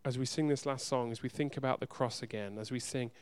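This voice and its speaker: Male pastor, smooth resonant voice, earnest sermon delivery, loud urgent swells and hushed low moments. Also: steady tone, fast talker. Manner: earnest, direct address to the congregation.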